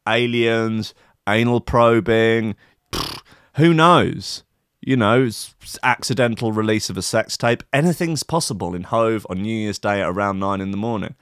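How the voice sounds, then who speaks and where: A man's voice: lowish voice, fairly even intonation, normal speed, clear, resonant tone, no echo, studio quality. A man telling a long comic story to his listeners, rambling through profane, self-mocking asides.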